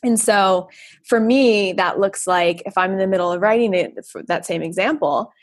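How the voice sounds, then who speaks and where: A woman's voice: medium pitch, moderate pace, no room sound. A woman author as a podcast guest, explaining her ideas step by step and acting out her own inner dialogue. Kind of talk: conversational interview.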